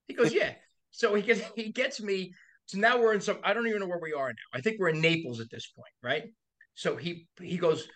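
A man's voice: high voice, a little fast. A man, a body shop owner on a podcast, telling rambling stories in casual chat, laughing, swearing and acting out the voices of people in them. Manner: animated, profane, laughs through stories, acts out voices.

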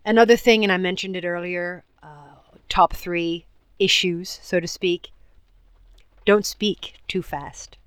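Woman, speaking coach, measured and deliberate, dry close sound. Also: fairly low pitch, fairly even intonation, smooth, no room sound. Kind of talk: interview answers, advice.

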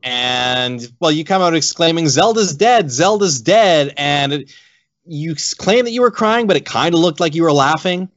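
A man's voice: on the high side, lively intonation, normal speed, a bit bright, dry recording, lo-fi sound. A man playing a blunt, unhelpful defense lawyer in an improv comedy sketch. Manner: blunt, matter-of-fact.

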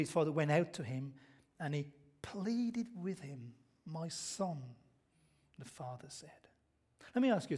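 A man's voice: a little high, a little mellow. A middle-aged man preaching a sermon in a church, telling stories and asking the congregation questions that he answers himself. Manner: storytelling, asks the congregation questions and answers them. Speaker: pastor.

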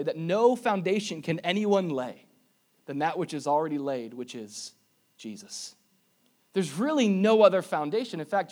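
A man with a fairly high voice preaching a sermon to a congregation. He talks in an animated way, repeats key words for emphasis and slips in jokey asides. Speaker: pastor.

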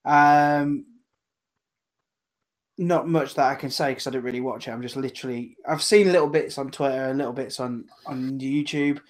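A man recapping matches in casual chat, hesitant with many pauses and ums. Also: medium pitch. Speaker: podcast co-host.

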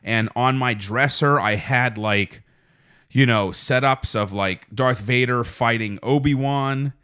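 A man hosting a podcast in casual chat, rambling with many restarts and fillers, putting on a deep radio-style voice. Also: slow, pushed and bright, clear, resonant tone. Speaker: podcast host. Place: small home studio.

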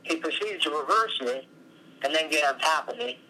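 A middle-aged man tells animated, rambling stories from his office as an interview guest. His voice is very bright and sits a touch high. A faint hiss runs underneath. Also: moderate pace, poor audio. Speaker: former wrestler, coach.

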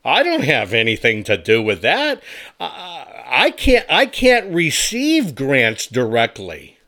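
A whiny male election official, indignant and evasive, insisting he had nothing to do with any of it, as a man puts him on in mockery. The voice swoops up and down in pitch as it protests. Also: huge pitch swings, slow, pushed and bright, full character voice. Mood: defensive. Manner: mocking, whiny, protesting innocence.

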